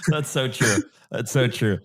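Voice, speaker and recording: A man co-hosting a casual podcast, chiming in with quick remarks and laughter. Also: mid-range voice, a bit bright. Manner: quick interjections, laughs along. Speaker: podcast co-host.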